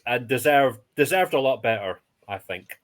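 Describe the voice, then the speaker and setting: A man's voice: medium pitch, animated, moderate pace. A man co-hosting a casual podcast, hesitant with fillers as he talks. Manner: hesitant, lots of fillers and restarts. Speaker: podcast co-host. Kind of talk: casual chat.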